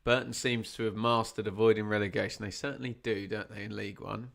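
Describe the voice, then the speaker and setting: A man's voice: on the low side, fast talker, gravelly, few pauses. A man doing chatty live commentary on a football match for a watch-along stream. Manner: chatty, wry asides, gets excited at chances.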